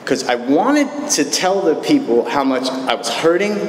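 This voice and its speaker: A man's voice: fairly high pitch, sing-song, a little slow. A man tells his own story to a live meeting group, candid and self-mocking, dropping dry jokes between the hard parts. His voice rings out into a large reverberant hall, with a faint hum of room noise underneath. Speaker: recovery meeting speaker. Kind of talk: personal recovery story told to a live group.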